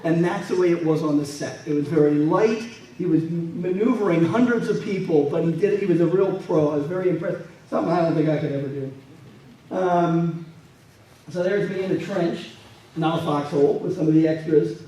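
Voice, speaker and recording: A man's voice: fairly high pitch, fairly quick, mellow. A man giving an anecdotal talk with slides at a museum event, acting out the people in his stories. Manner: storytelling, acts out quoted people. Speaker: guest speaker and military historian. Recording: echoey room from a distant mic.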